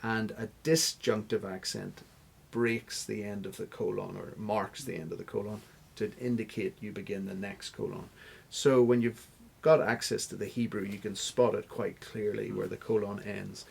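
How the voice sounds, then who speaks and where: A man's voice: lowish voice, steady tone, moderate pace, vocal fry, husky. A man answering interview questions as a guest scholar, explaining step by step like a teacher. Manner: teacherly, stops to spell out examples.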